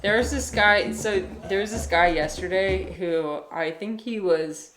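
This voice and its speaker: A woman's voice: medium pitch, unhurried, over music. A woman hosting a casual livestream, chatting in a rambling way as she reacts to footage, swearing and laughing easily. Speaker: livestream host.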